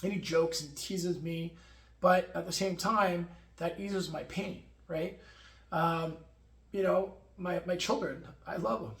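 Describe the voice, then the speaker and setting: A man talking earnestly to camera in a personal video diary, halting and emotional, with many restarts. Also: high voice, fairly even intonation, gravelly, fairly bright tone. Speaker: firefighter sharing his health experience. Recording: echoey room.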